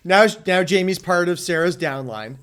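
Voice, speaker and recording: A man's voice: sits high, expressive, moderate pace, background noise. A man co-hosting a podcast who reads introductions and drops dry, understated quips. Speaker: podcast co-host. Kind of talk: casual podcast chat.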